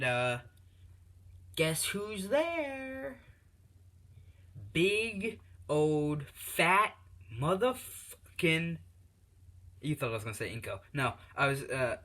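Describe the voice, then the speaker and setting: A man improvises a fan story in a loose, rambling way, padding it with fillers as he thinks. His voice is bright and forceful, at a middle pitch, recorded on a tablet. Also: a little fast.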